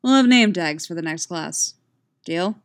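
A gruff grown man who coaches a martial arts class , read by a woman narrator, curt and grumbling. He speaks in short, impatient bursts. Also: lowish voice, animated, measured pace.

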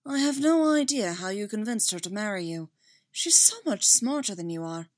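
A woman reading the lines of a calm, weary male Jedi master with a dry manner in a fan audiobook. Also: medium pitch, normal speed, no echo, close to an everyday voice.

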